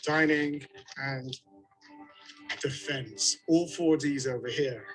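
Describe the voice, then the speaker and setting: A man's voice: mid-range voice, slow pace, fairly bright tone, soft background music, rough recording. A British man leading an outdoor tour on a hilltop, jokey and enthusiastic, a little out of breath. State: slightly out of breath. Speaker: tour guide. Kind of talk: outdoor guided tour to camera.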